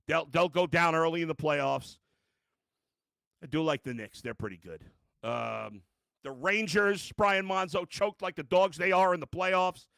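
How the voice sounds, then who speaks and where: A middle-aged man hosts a live post-game sports show, ranting bluntly and cursing freely. His voice sits a little high, with a gravelly fry and a sharp, bright edge. The sound is dry and close, with little room in it. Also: no room sound. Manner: blunt, heated, ranting with profanity; self-mocking asides, frequent restarts. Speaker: sports talk show host.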